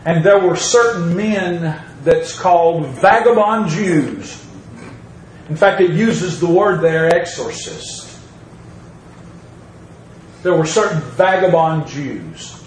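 High-voiced preacher man, slow and emphatic, echoey room, faint background hum. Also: distant mic. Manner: emphatic, repeats phrases, reads scripture aloud. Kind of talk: sermon.

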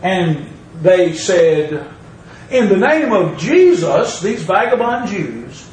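A man's voice: high-pitched, big pitch swings, takes it slowly, roomy sound, far from the mic, low-quality recording. A man preaching a sermon, reading scripture aloud and driving points home by repeating them. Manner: emphatic, repeats phrases, reads scripture aloud.

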